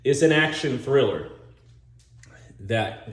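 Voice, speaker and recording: A man rambling casually with lots of swearing about movie ideas, talking in an animated, chuckling way. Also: mid-range voice, slow pace, roomy sound. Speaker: movie vlogger.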